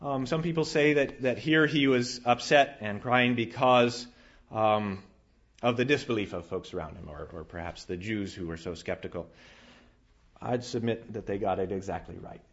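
A man preaching a sermon in an earnest manner, rising to emphatic lines and dropping to quiet, low passages, often restarting his phrases. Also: normal speed. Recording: dull lo-fi sound.

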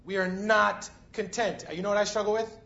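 A man's voice: high-pitched, level tone, moderate pace, vocal fry, bright, forceful tone, highs cut off, a little hiss or hum. A man preaching a sermon in a conversational way, often checking in with the congregation. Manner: conversational, frequent "right?" and "you know".

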